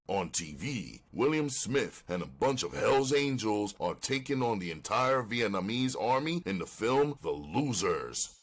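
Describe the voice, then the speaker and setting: Very deep, slow male screenplay narrator. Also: a bit bright, slightly rough. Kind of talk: scripted narration of stage directions.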